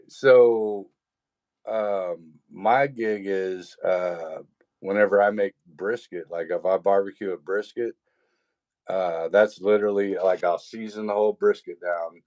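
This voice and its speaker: A man's voice: low voice, a little mellow, dry recording. A man, hosting a casual livestream chat over a video call, rambling with fillers and restarts. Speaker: stream host.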